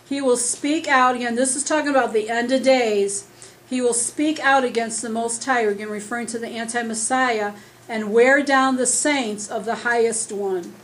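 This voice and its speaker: Hoarse, earnest woman preaching. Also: fairly high pitch, unhurried, fairly bright tone, poor audio. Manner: earnest, emphatic, rambling. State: losing her voice. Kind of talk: conversational sermon. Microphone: speaking loud without a microphone.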